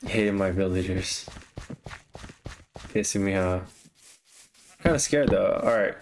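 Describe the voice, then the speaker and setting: A man casually commenting on his own gameplay, chatty and easily excited. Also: sits low, unhurried, noisy background. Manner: excitable, flares up into frustrated outbursts. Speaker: gaming vlogger.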